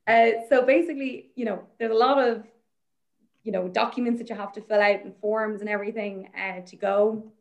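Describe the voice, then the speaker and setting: A woman's voice: mid-range voice, steady tone, a little fast, lo-fi sound. A woman talking as an interview guest, explaining fossil research and then telling a story from her fieldwork in a chatty, enthusiastic way with lots of fillers. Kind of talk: conversational storytelling.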